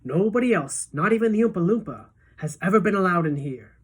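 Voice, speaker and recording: A woman voicing an excitable, eccentric male candy maker in a storybook reading, with loud, eager, bossy exclamations. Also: fairly low pitch, brisk, breathy edge. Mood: stern, eager.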